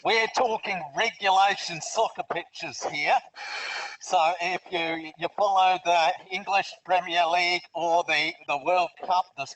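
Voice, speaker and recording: A man's voice: sits high, steady tone, measured pace, a bit bright. A man with an Australian accent, presenting a live educational webinar from underwater in an aquarium, speaking through a full face mask microphone in a cheerful, chatty way. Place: underwater in a large aquarium tank. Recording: distant, muffled underwater mask mic.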